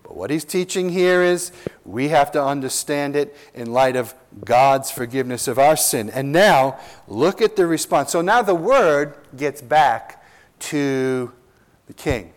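A man preaching an expository sermon as pastor, earnest and emphatic, with slow drawn-out stresses and rhetorical questions. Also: a little high, animated.

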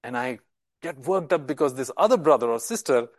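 A man's voice: medium pitch, lively intonation, brisk, no echo. Man preaching an emphatic sermon. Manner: emphatic, repeats words, asks rhetorical questions.

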